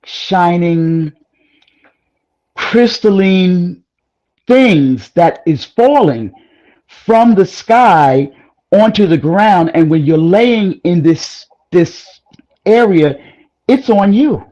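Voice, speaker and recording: A woman guest in a casual chat, telling a personal story in an animated, rambling way with frequent exclamations. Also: on the low side, drawn-out words, long pauses, muffled recording.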